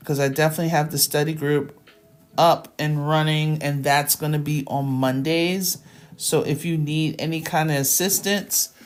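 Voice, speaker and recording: A woman tutoring math live in a casual, chatty way. She sounds tired and fills her talk with ums and small laughs. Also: low voice. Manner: chatty and relaxed, with frequent fillers and laughs.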